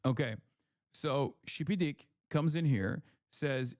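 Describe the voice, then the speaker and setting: Male streamer, sardonic, reads chat in mocking voices, smooth and crisp, dry close mic. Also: mid-range voice, measured pace, no echo. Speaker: streamer reading ban appeals. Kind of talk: casual livestream chat.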